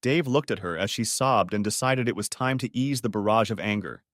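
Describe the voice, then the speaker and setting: A man narrating an audiobook story in a measured, scripted reading. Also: lowish voice, a bit bright, no room sound, studio quality.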